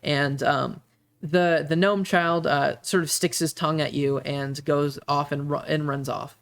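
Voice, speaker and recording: A man narrating a tabletop game as game master, halting often with fillers. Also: on the high side, fairly even intonation, vocal fry, a bit bright.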